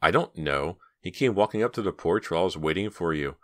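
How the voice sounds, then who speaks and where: A man's voice: sits low, lively intonation, quick pace, a bit bright, no room sound, clean studio sound. A man voicing a playful, nosy teenage girl in an audiobook, in a raised, chatty voice.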